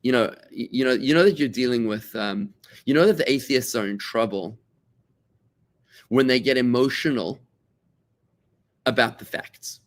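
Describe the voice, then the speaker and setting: Animated man teaching a Torah class. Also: mid-range voice, normal speed, pauses often. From South Africa. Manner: animated, repeats words while searching, acts out quoted voices. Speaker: rabbi.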